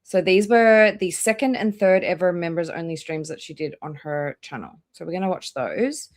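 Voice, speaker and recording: A woman with a somewhat low voice chats casually on a live stream. She greets viewers by name one after another, drawing out her welcomes and letting her voice trail off quieter at the ends of lines. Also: moderate pace. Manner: chatty, reads out viewer names one by one. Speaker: live-stream reaction host.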